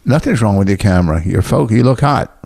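Man, deep-ish voice, comedian hosting a podcast, rambling low-key chat. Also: animated, brisk, creaky, a little mellow. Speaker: stand-up comedian and podcast host. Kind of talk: casual chat.

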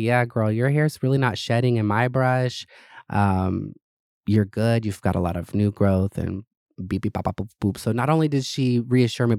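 A man's voice: fairly low pitch, a little mellow, dry recording, studio quality. A man hosting his own podcast, chatting casually in a gossipy, sassy and profane way. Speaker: podcast host. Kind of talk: casual solo podcast chat.

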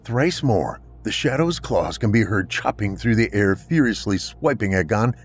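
A man narrating a scripted story in a dramatic, expressive reading. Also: lowish voice, moderate pace, soft background music.

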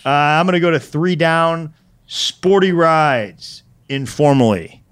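A man co-hosting a comedy podcast, going along with the bits with mock-earnest seriousness. His voice sits slightly high for a man. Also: takes it slowly, a bit bright, clean tone. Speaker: podcast co-host.

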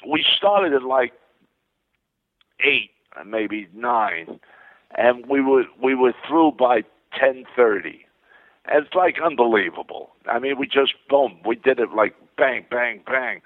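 A man's voice: mid-range voice, no echo. An older man from Queens, New York, telling rambling, enthusiastic stories as a guest over the phone, with many restarts. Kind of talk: phone interview storytelling. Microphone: telephone. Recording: tinny phone line.

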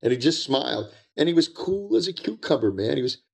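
An older American man, a retired drug agent, telling animated war stories as a podcast guest, repeating words and acting out quotes. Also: medium pitch, a little fast, creaky.

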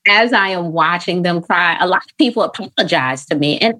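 A woman therapist talking in a podcast conversation, animated and acting out the voices she quotes, with laughs. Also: fairly low pitch, normal speed.

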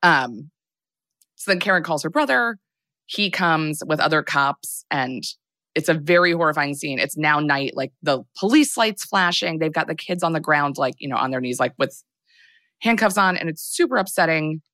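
A woman's voice: low voice, animated, normal speed, bright, forceful tone, no echo. A young adult woman casually recapping a film as a podcast host, rambling with lots of fillers.

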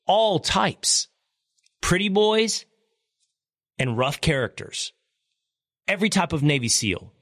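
A middle-aged man hosting a talk show, telling a story in an animated, joking way. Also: mid-range voice, no room sound, studio quality. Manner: animated, jokey storytelling with impressions. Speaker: podcast host. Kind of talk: storytelling monologue.

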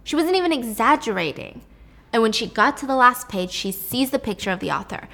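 A woman's voice: on the high side, expressive, a little fast, gravelly, bright, forceful tone. A woman telling a story to a friend in a chatty, casual way, swearing and checking in with questions. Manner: chatty, profane, asks the listener questions.

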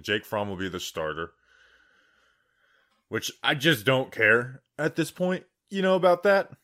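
A man's voice: mid-range voice, a bit bright. A man hosting a sports podcast, chatting casually and rambling a little with fillers. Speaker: podcast host.

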